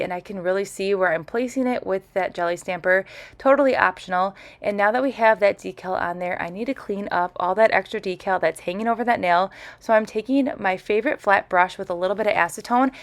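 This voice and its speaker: Upbeat woman narrating a nail tutorial. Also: mid-range voice. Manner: enthusiastic, gushing over products; casual with frequent "like" fillers.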